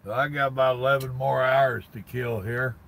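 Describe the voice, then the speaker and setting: A man's voice: medium pitch, fairly even intonation, normal speed, vocal fry, fairly bright tone, poor audio. An older man, chatting casually on a live stream from his parked truck cab and greeting viewers by name in a folksy drawl.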